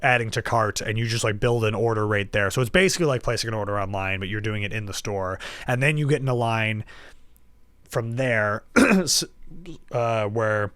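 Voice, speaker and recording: Chatty man telling a story, smooth low voice. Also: moderate pace, no echo. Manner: animated and self-deprecating, with many fillers. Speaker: podcast host. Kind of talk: casual solo storytelling.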